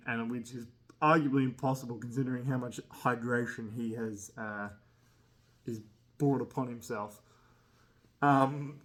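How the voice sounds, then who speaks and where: A young man telling a casual school anecdote, rambling with slang and laughing mid-sentence. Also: medium pitch. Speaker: storyteller.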